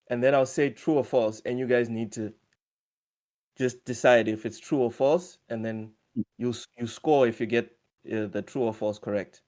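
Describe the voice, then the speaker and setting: A man's voice: medium pitch, darkish tone. A man hosting a casual gaming live stream, reading viewer comments aloud in a loose, chatty way. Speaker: stream host running a quiz.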